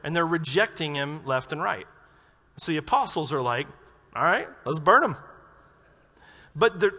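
A man preaching to his congregation with a high, bright voice. He is animated and acts out quotes with sudden loud outbursts. The sound rings with the long reverb of a church hall. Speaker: pastor. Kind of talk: sermon. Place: church auditorium.

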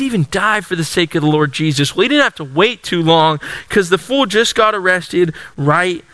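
A young adult man preaching a sermon, telling the story in an animated, dramatic way and acting out the voices of the people in it. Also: sits high, moderate pace, few pauses, no echo, rough recording. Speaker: pastor.

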